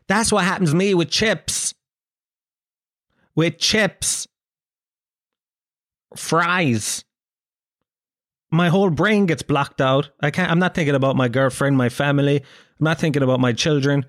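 Animated Irish man telling a story. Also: on the high side, a little slow, pauses often, dry recording, clean studio sound. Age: 30s. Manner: animated, swearing, acts out quoted voices. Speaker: comedian. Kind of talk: casual storytelling chat.

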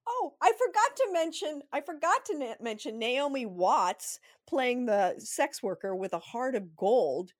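Casting note: woman co-host, lively rant, frequent laughs, dry close recording. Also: sits high, a little slow, few pauses, no echo. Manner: animated, ranting, laughs often. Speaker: podcast co-host. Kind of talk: casual chat.

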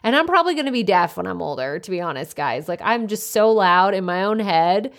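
A woman with a loud, energetic voice hosts a solo podcast, talking as if over coffee with a friend. Her pitch sits in the middle range, and she speaks right into a close podcast microphone. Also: brisk. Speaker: podcast host. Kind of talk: casual solo podcast talk. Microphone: studio podcast microphone up close.

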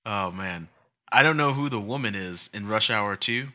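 A man's voice: fairly low pitch, moderate pace, sharp tone. A man co-hosting a podcast, chatting casually and teasing his co-host. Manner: joking, teasing. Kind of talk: casual chat.

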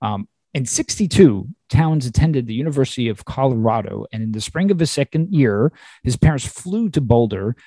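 A man's voice: mid-range voice, animated, normal speed, dark tone, no room sound. A man hosting a podcast, upbeat and chatty, laughing often. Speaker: podcast host. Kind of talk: casual podcast chat.

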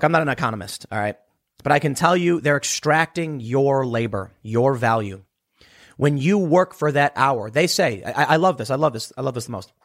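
A man delivering a sarcastic political commentary monologue, emphatic and mocking his opponents. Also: medium pitch.

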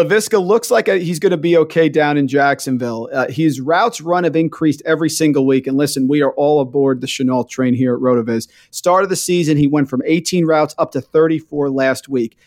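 A man's voice: fairly high pitch, darkish tone. A man hosting a podcast, asking questions in a friendly, joking way. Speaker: podcast host. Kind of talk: casual podcast chat.

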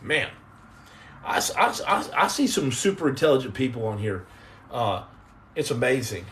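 A man hosting a casual live podcast, joking and teasing viewers in slangy talk that drops into low mutters. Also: very animated, moderate pace, background noise. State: on house arrest. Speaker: podcast host reading live chat. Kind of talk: casual live-stream chat.

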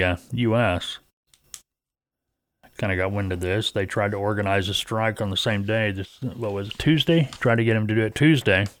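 A man's voice: on the low side, a bit bright, no room sound. A man hosting a trucking podcast, talking casually in a folksy, rambling way with many fillers and restarts.

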